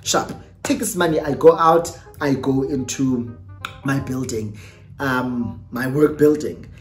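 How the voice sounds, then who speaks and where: In a slow-paced storytime vlog, a young South African YouTuber recounts something personal with real energy, moving mid-sentence between English and Xhosa. The pitch is middling, and the echoey room has faint background music.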